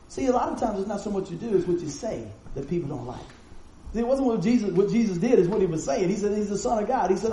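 A man's voice: sits high, mellow, roomy sound, rough recording. A man, a pastor preaching a conversational sermon full of rhetorical questions to his congregation. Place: church hall with congregation. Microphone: live stream mic.

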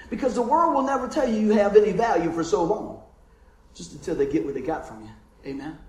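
A man with a high voice preaches a sermon, telling stories and regularly asking his congregation for an amen. His voice rings out in a reverberant church space. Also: slight background noise. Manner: lively storytelling, calls for amens. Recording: roomy echo.

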